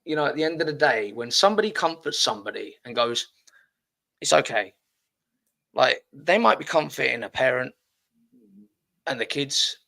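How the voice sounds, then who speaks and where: A man's voice: mid-range voice, animated, normal speed, creaky, long pauses, sharp tone. A middle-aged man hosting a casual podcast, blunt and swearing freely, often repeating his words. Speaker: podcast host.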